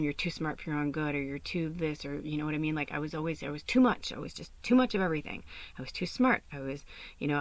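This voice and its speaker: Her voice sits low, with no room sound, as this Chicago podcast host and spiritual medium tells her own story. The telling is candid and meandering, packed with "like," "you know," and casual profanity.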